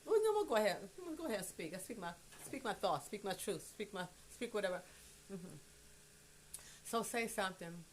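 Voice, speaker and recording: A middle-aged woman on a phone livestream, talking to her grown son in a rambling, blunt monologue. She swears freely and swings between soft and loud. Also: medium pitch, animated, fairly quick, a little hiss or hum.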